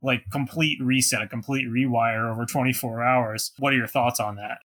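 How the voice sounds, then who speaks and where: Bright-voiced male interviewer. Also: medium pitch, fairly even intonation, moderate pace. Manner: brief encouraging interjections. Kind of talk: casual chat.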